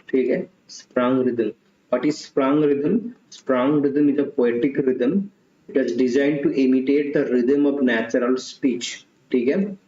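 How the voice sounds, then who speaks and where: A man's voice: mid-range voice, steady tone, unhurried, mellow. A man teaching an online exam-prep literature class, repeating questions and options with Hindi asides. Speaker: English literature tutor. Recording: dull, roomy lo-fi sound.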